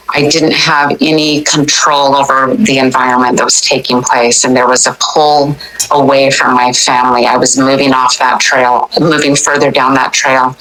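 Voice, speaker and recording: A woman's voice: very deep voice, a bit bright, slight background noise, low-quality recording. A woman in her forties telling her near-death experience in an earnest, reflective way, with frequent halts and restarts. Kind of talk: recounted personal story.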